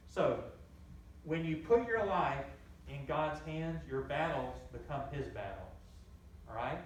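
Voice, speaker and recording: A man's voice: fairly high pitch, expressive, slow pace, slight background noise. A man preaching a sermon as pastor, repeating key phrases and rising in emphasis. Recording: echoey room heard from a distance.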